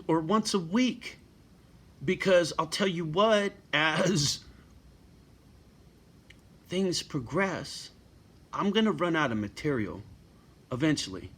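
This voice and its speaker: Surly swearing man, bright voice. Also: on the high side, animated, a little slow, long pauses, husky. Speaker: vlogger. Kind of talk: profane rant to camera. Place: at home with his dog.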